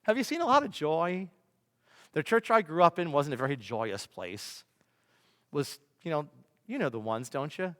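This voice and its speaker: A man, a pastor, preaching a sermon with emphatic delivery, rhetorical questions and swings between loud and soft. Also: fairly high pitch, very animated, moderate pace. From United States. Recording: long reverb of a large hall.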